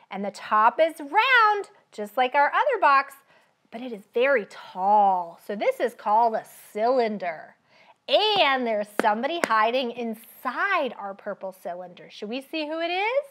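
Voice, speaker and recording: A woman running a children's library storytime, talking in a drawn-out, sing-song way for small children. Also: a little high, big pitch swings, a bit bright.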